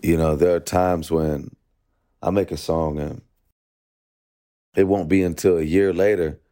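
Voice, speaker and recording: A young man, a musician, talking in a relaxed, reflective way during an interview, thinking aloud with plenty of fillers. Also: deep voice, unhurried. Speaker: musician guest. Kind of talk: casual interview talk.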